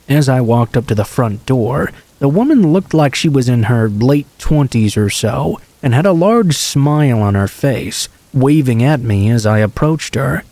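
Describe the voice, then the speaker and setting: A man calmly reading true scary stories aloud as a steady, scripted horror narration. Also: mid-range voice, no room sound.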